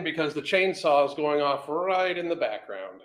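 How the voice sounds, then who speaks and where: A man's voice: on the high side, expressive, normal speed, fairly bright tone. A man hosting reaction commentary, ranting bluntly and swearing often. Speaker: commentary host.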